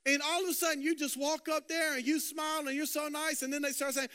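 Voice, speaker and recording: A man's voice: extremely high pitch, fairly even intonation, fast talker, hardly any pauses, bright, forceful tone. A man preaching a sermon, telling stories and acting out quoted dialogue, often repeating words as he goes. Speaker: pastor.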